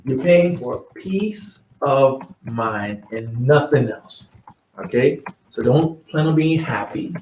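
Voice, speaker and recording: A man's voice: mid-range voice, animated, slow, a little mellow, slight background noise. A man hosting an insurance advice show, talking casually and bluntly, mocking excuses and repeating himself. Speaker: host giving insurance advice. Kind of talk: casual talk to camera. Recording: roomy sound, mic at a distance.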